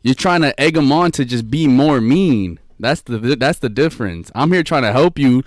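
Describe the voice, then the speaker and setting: A man's voice: mid-range voice, expressive, normal speed, no room sound, studio quality. A man co-hosting a casual podcast, telling stories earnestly and repeating his points. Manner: earnest, repeats phrases, rambling storyteller. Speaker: podcast co-host. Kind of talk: casual chat.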